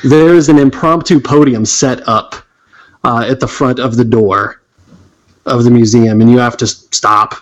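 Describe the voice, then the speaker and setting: American man running a tabletop game, middle pitch, stumbling restarts. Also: fairly even intonation, dull audio. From United States. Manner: halting, many restarts. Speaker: game master.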